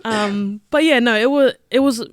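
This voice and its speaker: A young woman, a rugby player telling her story as a podcast guest, lively and laughing, with lots of "like" fillers. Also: fairly high pitch, normal speed, crowd noise. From Australia. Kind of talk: casual interview storytelling.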